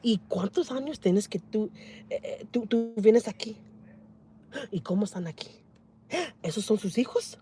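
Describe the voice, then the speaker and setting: A woman voicing a nosy, chatty middle-aged gossip who gasps and pries with rapid questions. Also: medium pitch, lightly acted. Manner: gasping, prying questions in rapid bursts.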